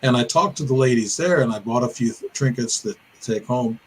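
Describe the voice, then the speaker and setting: A podcast guest, an older Midwesterner from Illinois, meanders through a detailed story of a personal encounter, fixing his own words as he goes. He talks fairly quickly in a mid-range voice over low-quality audio with faint hiss or hum.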